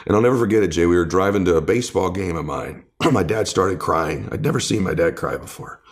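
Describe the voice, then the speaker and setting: A man's voice: low-pitched, fast. A man speaking as a guest author in an interview, giving impassioned motivational talk that builds with repeated, rising phrases.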